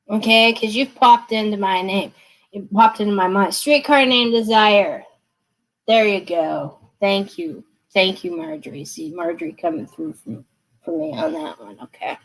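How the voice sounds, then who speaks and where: Woman reading tarot live at her desk, slow and chatty, keeps checking in with a gentle "okay?". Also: medium pitch, poor audio. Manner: chatty, reassuring, often asks okay. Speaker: tarot card reader. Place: seated at a desk.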